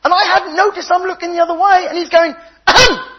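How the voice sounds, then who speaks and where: Older man preaching, high husky voice, animated storytelling, slightly dull recording. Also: quick pace. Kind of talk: sermon.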